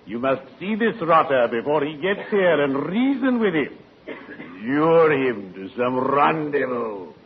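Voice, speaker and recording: Smug, wordy neighbor type, slightly high voice, tinny old radio with faint hiss. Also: male voice, lively intonation, unhurried. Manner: pompous and wordy, with dry wisecracks. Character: pompous, scheming male neighbor. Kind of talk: 1940s radio comedy acting.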